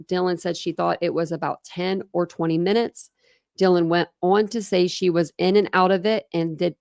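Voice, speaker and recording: Young woman, true crime host, reads documents then chats, gravelly, lowish voice, dry close sound. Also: a little mellow, no echo. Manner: chatty, many "like" fillers, thinks aloud. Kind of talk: reading documents aloud with casual commentary.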